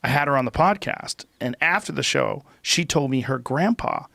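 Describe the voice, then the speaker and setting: Blunt middle-aged male host, mid-pitched, dry close studio mic, opinionated. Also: lively intonation, normal speed, creaky, a bit bright, dry recording. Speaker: podcast host. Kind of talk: casual podcast chat. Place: podcast studio. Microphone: studio microphone.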